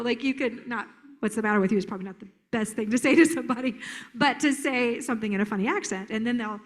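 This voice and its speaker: High-voiced lady therapist giving a conference talk, jokey and animated. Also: fast. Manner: animated and joking, slips into silly voices. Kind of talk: live conference presentation.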